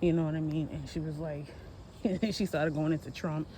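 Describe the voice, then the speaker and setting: Forties vlogger, loose walk-and-talk, rambles and self-corrects, noisy outdoor phone audio, mid-pitched. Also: steady tone, normal speed, dark tone. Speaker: history vlogger. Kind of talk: casual walking vlog. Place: outdoors, walking on a hot day.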